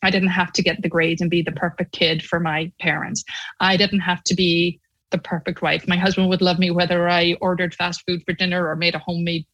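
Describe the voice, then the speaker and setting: A middle-aged woman from Ireland with an Irish accent, a podcast guest telling her personal story in an earnest, animated way. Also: fairly low pitch, a little fast, muffled recording.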